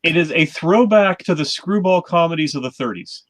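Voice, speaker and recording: A man's voice: a little high, expressive, normal speed, fairly bright tone, dry recording. A man at an online movie night, giving dry, knowing remarks about films. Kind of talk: casual group chat.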